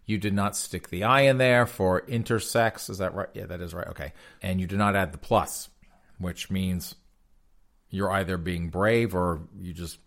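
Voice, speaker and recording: A man's voice: low-pitched, moderate pace, vocal fry, fairly bright tone. A man hosting a podcast, reading odd crime stories aloud and mocking them in a folksy, sarcastic way, laughing often. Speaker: podcast host. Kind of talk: comedic news commentary.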